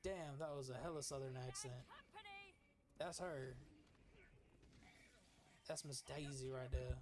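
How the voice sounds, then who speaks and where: A man reacting excitedly and dramatically to gameplay in casual chat with a friend. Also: mid-range voice, unhurried.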